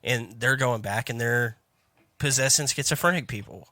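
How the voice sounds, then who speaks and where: A man's voice: medium pitch, normal speed, sharp tone, no room sound. A man in his thirties, a podcast co-host, chatting casually in a rambling way, stumbling and swearing. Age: 30s. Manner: rambling, repeats words, swears. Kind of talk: casual chat.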